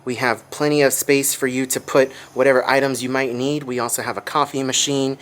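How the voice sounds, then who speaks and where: A man's voice: mid-range voice, brisk. A man vlogging a hotel tour, gushing and exclaiming as he shows the rooftop and then a room to viewers. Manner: excitable, gushing, addresses viewers as guys. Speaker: theme park vlogger.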